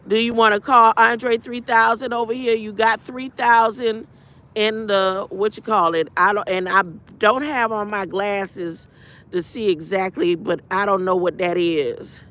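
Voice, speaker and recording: A woman's voice: medium pitch, fairly bright tone. A woman hosting a livestream, rambling and preachy, talking back to her chat and reciting spiritual affirmations. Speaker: livestream host.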